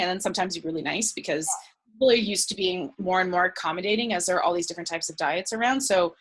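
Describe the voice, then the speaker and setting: A woman's voice: fairly low pitch, breathy edge. Chatty young woman, casual interview. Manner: chatty, laughs often, acts out others in quotes. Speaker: guest researcher.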